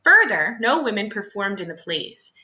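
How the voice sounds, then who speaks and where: Bright-voiced woman teaching a lesson. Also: medium pitch, big pitch swings, normal speed, roomy sound, highs cut off. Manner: chatty, many fillers and asides. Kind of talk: casual classroom video lesson.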